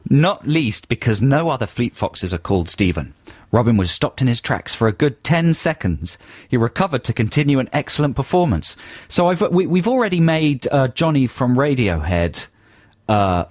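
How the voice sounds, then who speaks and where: A man's voice: mid-range voice, moderate pace. A playful man co-hosting a radio show, his voice rising and falling with plenty of expression as he teases his partner and reads out listener emails. He sits close to a studio microphone in a dead, dry room with no echo at all. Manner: playful, teasing, lively delivery. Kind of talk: casual studio chat, reading out listener emails.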